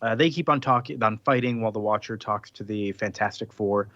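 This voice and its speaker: A man co-hosting a podcast, casually recapping a comic book with lots of fillers and quick mock voices. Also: lowish voice, no echo, lo-fi sound. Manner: relaxed, filler-heavy storytelling with mock voices. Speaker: podcast co-host.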